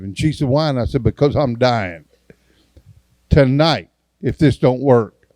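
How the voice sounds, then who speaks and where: A man's voice: medium pitch, measured pace, darkish tone, no echo. A man, an evangelist giving a testimony sermon in a church and acting out the dialogue in his story in a folksy way.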